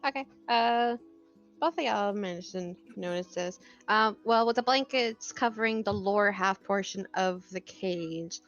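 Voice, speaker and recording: A woman's voice: mid-range voice, unhurried, a bit bright. A woman running a tabletop game as game master, narrating with plenty of hesitations and fillers. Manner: hesitant, lots of "um" and "like". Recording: lo-fi with faint background music.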